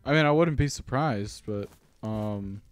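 A man hosting a gaming channel, giving rambling, self-deprecating let's-play commentary with sudden excited outbursts. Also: fairly low pitch, a little slow, clear, resonant tone, dry recording, faint music behind.

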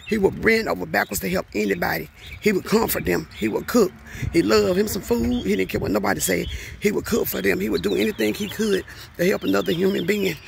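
A grieving middle-aged woman records an earnest personal video message, her voice heavy with gravelly fry throughout. She talks with deep emotion and circles back to the same words, sounding worn by her loss. Faint outdoor ambience with birds sits behind her. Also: a little hiss or hum. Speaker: grieving mother vlogger.

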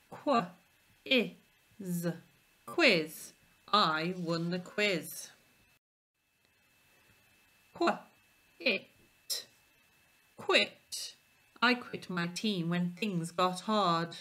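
A woman teacher giving a phonics lesson to young children, sounding out letters slowly and clearly. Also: fairly low pitch, pushed and bright.

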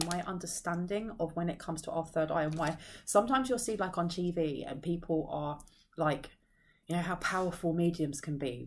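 Low-voiced woman giving rambling tarot reading. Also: slight background noise. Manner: rambling, searches for words, frequent sighs. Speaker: tarot reader and medium. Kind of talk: intuitive tarot reading to viewers.

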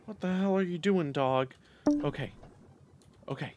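A man giving excitable let's play commentary, reacting loudly to a game as he plays. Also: high voice, unhurried, pauses often, over music. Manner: excitable, yelps and shouts at the game. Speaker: gaming YouTuber.

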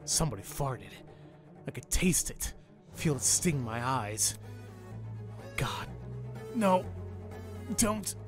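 Excitable man reading a game aloud. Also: medium pitch, slow pace, pauses often, over music. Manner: excitable, swears and exclaims at the game. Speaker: let's play host. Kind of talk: reading a visual novel aloud with commentary.

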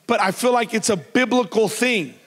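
A man preaches in a loud, animated voice that sits high for a man. He jokes freely with his congregation. The voice rings with the long reverb of a church hall. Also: normal speed, slight background noise. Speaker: pastor. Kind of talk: sermon.

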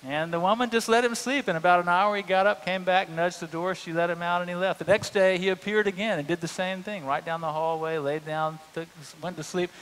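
A man's voice: high-pitched, steady tone, a little fast, hardly any pauses, a bit bright, clear, resonant tone. A male pastor, preaching a sermon in a humorous, conversational storytelling way. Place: church sanctuary. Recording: long church reverb.

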